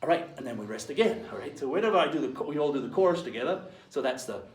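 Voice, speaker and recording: A man's voice: mid-range voice, animated, rapid-fire, reverberant, recorded from a distance. A man, playing a pirate captain who teaches children in a playful online lesson, chatty and hearty, checking in with "right?" after each point.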